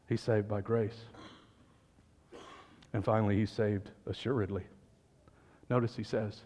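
A male pastor preaching a sermon, animated, rising to emphatic peaks and dropping to hushed lines. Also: fairly low pitch, measured pace, long pauses, in a large hall.

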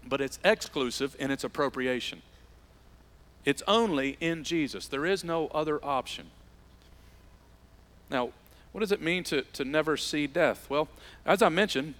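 A man preaching a sermon as pastor, swinging between emphatic rises and quiet drops. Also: on the high side. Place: church sanctuary.

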